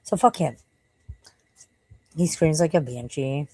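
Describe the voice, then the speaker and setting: A woman's voice: a bass voice, a little slow, pauses often, warm tone, dry recording, poor audio. A tired woman live streaming in casual, rambling chat, swearing freely and breaking off to scold and baby-talk her dog.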